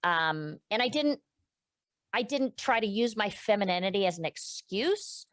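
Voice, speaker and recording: A woman's voice: mid-range voice, sing-song, a little slow, no room sound. A middle-aged woman guest speaking candidly and emotionally in a casual interview, with many restarts and fillers. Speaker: podcast guest.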